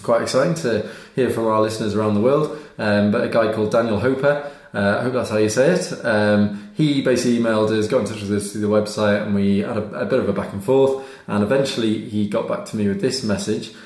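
A man co-hosting a podcast in casual chat, chatty and quick to laugh. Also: fairly low pitch, darkish tone. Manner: chatty, laughs often, reads out listener mail. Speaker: podcast co-host. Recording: roomy echo.

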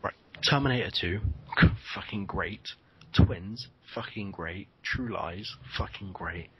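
A man joins a casual podcast chat as a guest, talking with enthusiasm and swearing freely. His voice is husky and a little low. The recording sounds dull and lo-fi. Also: takes it slowly.

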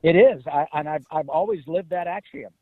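A middle-aged man from Detroit, telling stories as an interview guest in an animated, emphatic way. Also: on the high side, normal speed, no room sound. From Detroit, USA. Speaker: guest voice actor. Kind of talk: casual interview. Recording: tinny phone-like line.

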